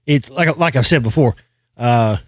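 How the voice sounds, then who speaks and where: A man's voice: mid-range voice, a little slow, no echo, clean studio sound. A man hosting his own show, delivering a brash, boastful, profane rant full of repeated phrases. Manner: brash, boastful, heavy swearing, repeats himself. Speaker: show host. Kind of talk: profane ranting monologue.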